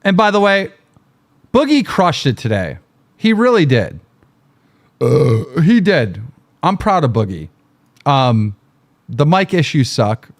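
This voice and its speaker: Profane, ranting man, lively pitch. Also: slow pace, pauses often. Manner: angry, profane, mocking. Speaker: livestream host. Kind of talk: ranting livestream commentary.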